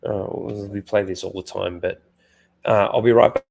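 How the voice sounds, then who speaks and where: A man's voice: lowish voice, steady tone, normal speed, gravelly, a little mellow. A man hosting a casual live-stream, talking loosely with many fillers, frank and sometimes profane. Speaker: host.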